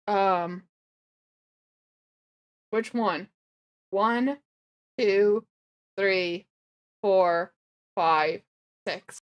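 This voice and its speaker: A woman's voice: medium pitch, extremely slow, pauses often, clean tone, dull audio. A woman livestreamer chatting casually, rambling and thinking aloud as she reacts to clips. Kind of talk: casual reaction stream chat.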